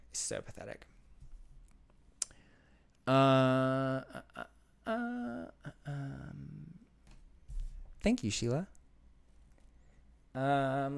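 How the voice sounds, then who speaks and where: A man's voice: mid-range voice, clear, resonant tone. Sarcastic man riffing on a livestream. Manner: sarcastic, laughing, repeats himself. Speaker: streamer host reading chat. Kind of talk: casual live-stream commentary.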